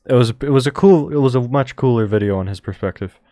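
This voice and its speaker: A young man hosts a streamer podcast, chatting casually and rambling with plenty of fillers and restarts. He talks fast at a medium pitch.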